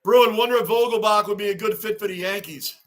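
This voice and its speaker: A man hosting a live sports reaction stream, rambling excitedly and reading fan chat aloud. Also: high-pitched, fast talker. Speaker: livestream host.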